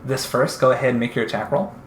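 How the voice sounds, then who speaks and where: A man's voice: mid-range voice, background noise. Man narrating a game in a roomy echo. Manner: halting, lots of fillers. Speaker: game master.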